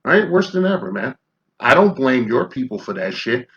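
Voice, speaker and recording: A man's voice: medium pitch, sing-song, moderate pace, dull audio. A man in his fifties from Chicago, ranting in confrontational, profane commentary full of rhetorical questions. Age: 50s. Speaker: commentary vlogger.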